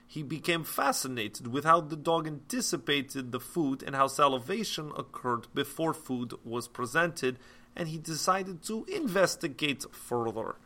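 A man reading a textbook passage aloud in a put-on, stiff and deliberate. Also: fairly high pitch, lively intonation, pushed and bright. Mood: reciting. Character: man reading a textbook in a mock Russian accent.

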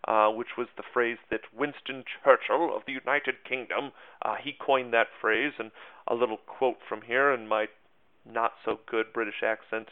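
A man's voice: mid-range voice, clean tone. A man giving a casual history lesson, chatty and self-mocking, with lots of fillers and asides. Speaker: teacher. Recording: tinny phone-like sound.

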